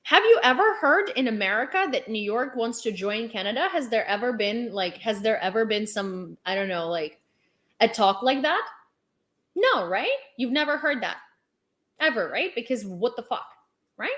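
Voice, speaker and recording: A woman's voice: on the high side, expressive, moderate pace, fairly bright tone. A young woman, ranting on her vlog in an exasperated, sarcastic way, swearing and firing off rhetorical questions. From Ukraine. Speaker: vlogger. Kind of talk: heated commentary rant.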